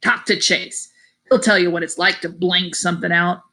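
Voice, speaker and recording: A man's voice: sits high, steady tone, normal speed, bright, forceful tone. A woman reading aloud, voicing a crabby old male war veteran who barks at kids. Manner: barking, grumpy.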